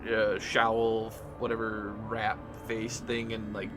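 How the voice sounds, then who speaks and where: A man's voice: fairly low pitch, monotone, slow, over music. A man recapping his tabletop campaign as game master, rambling and hesitant with many fillers and restarts.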